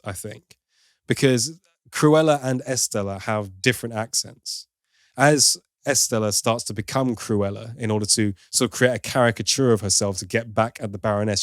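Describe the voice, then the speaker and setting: A man's voice: mid-range voice, dry recording, clean studio sound. A man hosting a film review podcast, giving opinionated, wry critique in casual chat with plenty of asides.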